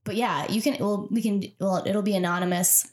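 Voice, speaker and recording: A young woman co-hosts a relaxed podcast chat. She talks in a chatty, self-mocking way and laughs easily at her own quirks. Her voice sits at a middle pitch for a woman. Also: a little fast. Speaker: podcast co-host. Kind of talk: casual chat.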